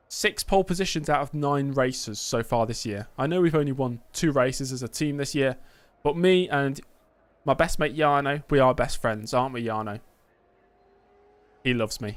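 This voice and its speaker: A man's voice: mid-range voice, moderate pace, no room sound. A man livestreaming a racing game, bantering with chat in a mock press conference and calling viewers mate. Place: indoor streaming setup with green screen.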